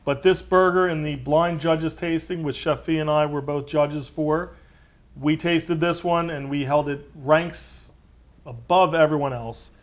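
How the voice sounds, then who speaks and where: A man's voice: fairly high pitch, fairly even intonation, a little slow. A man hosting a college cooking show, introducing guests with teasing jokes. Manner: jokey, teasing banter. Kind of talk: casual studio chat.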